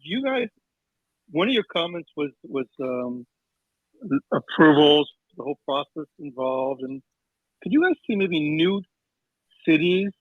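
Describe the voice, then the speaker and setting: A man calling in to a podcast, asking a question haltingly and searching for words. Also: a little high, very animated, gravelly, no room sound. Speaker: caller. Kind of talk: call-in question. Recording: tinny phone line.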